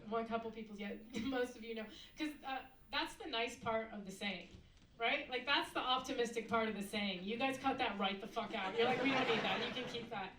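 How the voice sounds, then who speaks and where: A woman's voice: fairly high pitch, a little fast, distant mic, noisy background. An American woman performing a stand-up comedy set on a club stage, wry and playful, mimicking other people in her jokes. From United States. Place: comedy club stage before a live audience. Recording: roomy club sound, loud audience laughter.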